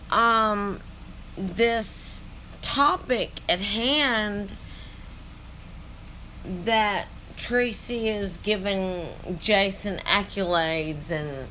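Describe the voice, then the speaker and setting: A woman's voice: mid-range voice, bright, forceful tone, a little hiss or hum. A woman hosting a reaction video, rambling in casual commentary with many fillers.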